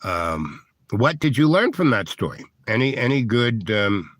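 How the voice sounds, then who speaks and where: This vlogger's mid-range voice is sing-song and a bit bright, a little slow, with no echo. He addresses viewers in a long casual story, full of fillers and restarts, voicing other people's lines loudly.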